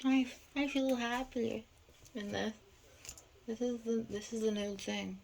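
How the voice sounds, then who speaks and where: Woman vlogger, unhurried and self-mocking, loud background noise on the recording. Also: a little high, steady tone, creaky. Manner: chatty and self-mocking, laughs often. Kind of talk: casual vlog talk to camera.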